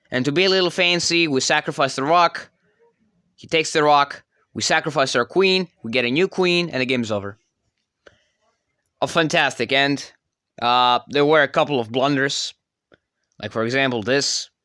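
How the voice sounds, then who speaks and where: Bright, rambling man. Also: fairly high pitch, clean tone, dry recording, clean studio sound. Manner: rambling, self-correcting, filler-heavy. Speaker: chess channel creator. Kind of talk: casual game commentary.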